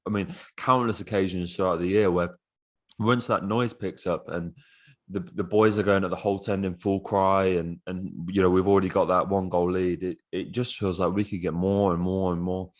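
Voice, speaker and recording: Excitable, very low-voiced male podcast host. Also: moderate pace. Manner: excitable, swears freely. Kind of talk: casual football podcast chat.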